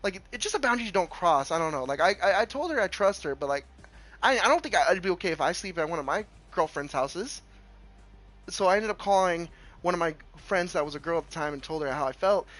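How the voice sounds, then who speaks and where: Young male streamer, fairly high voice, loose rambling storyteller who stumbles and restarts. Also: fast talker, faint music behind. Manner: rambling, animated retelling with fillers and restarts. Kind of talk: casual storytelling.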